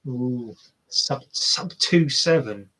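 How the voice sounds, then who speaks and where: A man's voice: medium pitch, animated, slow pace, bright, forceful tone. A man commentating casually on a marathon live for viewers, chatty and self-mocking as he cheers the runners on. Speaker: live race watch-along streamer.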